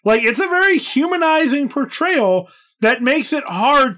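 A man's voice: extremely high pitch, expressive, measured pace, a bit bright. A man co-hosting a casual film podcast, emphatic and analytical, with some casual swearing. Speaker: podcast co-host.

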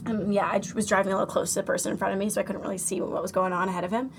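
A woman's voice: mid-range voice, flat delivery, racing, vocal fry, background noise. A woman co-hosting a casual chat, teasing her friend and rambling through her own story. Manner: teasing, rambling, with many restarts and fillers. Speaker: podcast co-host.

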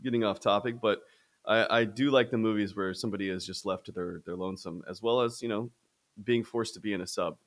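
Chatting casually about movies as a podcast co-host, this young adult man has a lowish voice and speaks a little fast. He rambles with animated energy, often breaking off and starting over.

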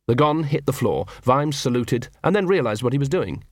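A man reading a novel aloud as an audiobook narrator, in a measured, dramatic storytelling manner. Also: mid-range voice, lively intonation, no echo, clean studio sound. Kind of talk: scripted narration.

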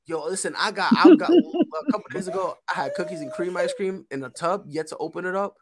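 Young male podcast co-host, lively pitch, animated storyteller. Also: a little fast, crowd noise. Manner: animated storyteller, acts out dialogue. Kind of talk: casual chat.

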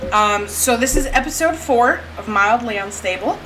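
A woman's voice: a little high, expressive, normal speed. A woman co-hosting a podcast in casual chat, rambling, repeating herself and laughing often. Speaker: podcast co-host. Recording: background noise on the track.

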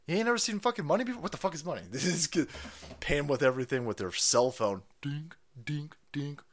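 Cussing streamer guy ranting and cackling, voice kinda high, bounces all over the place. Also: fast. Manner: foul-mouthed, mocking, laughs often; excitable, swings into loud outbursts. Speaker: livestream host. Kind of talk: profane live-stream rant commentary.

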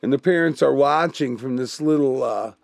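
A man's voice: mid-range voice, normal speed, vocal fry, no echo, studio quality. A man co-hosting a podcast, telling stories in a casual, profane way and laughing often. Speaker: podcast co-host. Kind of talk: casual chat.

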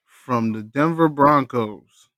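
A man co-hosting a casual sports podcast, animated and profane, teasing his co-host. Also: medium pitch, takes it slowly, dry recording.

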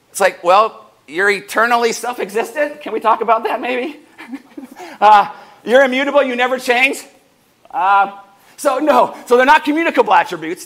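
Male pastor mid-sermon; high, bright voice, playful, acts out short exchanges. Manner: animated, swings up and down in pitch and loudness; jokey, acts out doorstep conversations in little voices. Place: church service.

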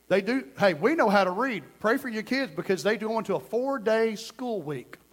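A man preaching a fervent sermon as pastor, dropping to a hush and then rising to shouts. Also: sits high, animated, moderate pace. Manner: fervent, swings from hushed to shouting.

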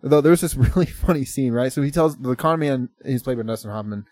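A man's voice: mid-range voice, brisk, darkish tone, no room sound. A man chatting casually as a podcast co-host, rambling through movie plots, laughing often and swearing freely. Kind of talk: casual chat.

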